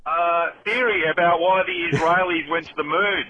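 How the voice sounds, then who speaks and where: A man with an Australian accent rambles through a voicemail, his lines lifting at the end. He sits a little higher than most men. The call comes through a tinny phone line with faint road noise behind it. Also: normal speed. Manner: rambling, rising inflection. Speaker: caller. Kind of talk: voicemail to a podcast. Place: in a car.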